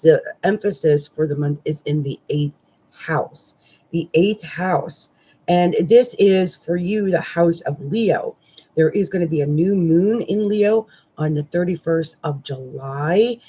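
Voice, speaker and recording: A woman's voice: on the low side, dark tone, husky. A woman astrologer giving a casual, rambling horoscope reading, with fillers and restarts.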